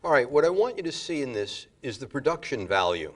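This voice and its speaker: A man giving a public lecture, telling a story in an animated way. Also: mid-range voice, brisk.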